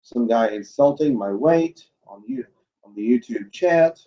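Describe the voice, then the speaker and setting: A man's voice: medium pitch, very animated, a little slow, mellow. Skeptical man hosting a lo-fi livestream. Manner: skeptical, blunt asides with chuckles. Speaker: host of a cryptid livestream show. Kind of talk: casual livestream talk, reading news stories aloud.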